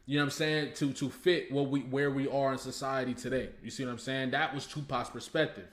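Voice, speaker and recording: A man's voice: mid-range voice, fairly even intonation, brisk, a bit bright. A man hosting a reaction video, breaking down a rap song in casual, slangy and profane talk, often restarting his sentences and using fillers. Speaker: host reacting to a rap track. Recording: roomy echo, faint music behind.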